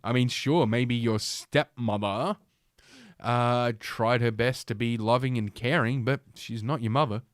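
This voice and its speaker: Unhurried and steady, a mid-range male voice reads an article aloud on a podcast, punctuating it with crude, mocking jabs and plenty of swearing. He laughs at what he says himself. The recording is dry and studio quality.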